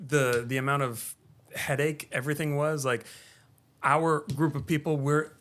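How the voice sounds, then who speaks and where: A young man co-hosting a podcast, chiming in with quick remarks and adding his side of a shared story in casual chat. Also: on the high side, fairly even intonation, a bit bright. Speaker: podcast co-host.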